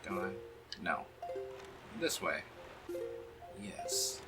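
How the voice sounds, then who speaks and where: A man's voice: low voice, very animated, very slow, over loud music. A man streaming a video game, chatting casually as he plays, thinking aloud and swearing freely. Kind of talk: casual gameplay commentary.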